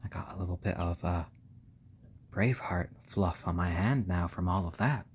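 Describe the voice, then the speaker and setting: A man hosting a casual live stream, talking gently and fondly to his baby chicks and thanking viewers. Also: sits low, normal speed, breathy edge. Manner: gentle, doting, talks softly to the chicks.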